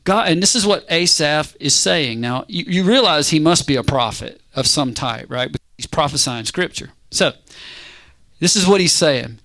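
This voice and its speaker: A man preaching a casual, conversational sermon, animated and constantly checking in with his listeners. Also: on the high side, moderate pace. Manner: animated, conversational, keeps asking "right?".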